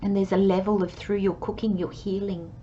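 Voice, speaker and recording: A woman giving a channelled tarot reading, talking in a gentle, chatty way and acting out little imagined conversations. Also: medium pitch, level tone, fairly quick. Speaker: tarot reader. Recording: slightly dull, faint background hiss.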